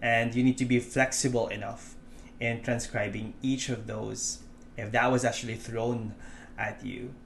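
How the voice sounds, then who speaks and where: Gravelly-voiced Filipino man teaching casually. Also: mid-range voice, little pitch movement, a little slow, a bit bright, slight background noise. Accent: Filipino English. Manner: chatty, many fillers and restarts. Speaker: online course instructor. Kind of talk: casual tutorial explanation.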